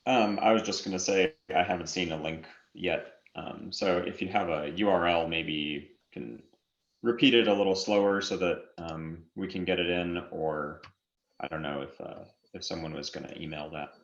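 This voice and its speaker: A man's voice: low-pitched, moderate pace. A man speaking at an online meeting. He is hesitant and trails off. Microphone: video call. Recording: echoey, lo-fi call audio.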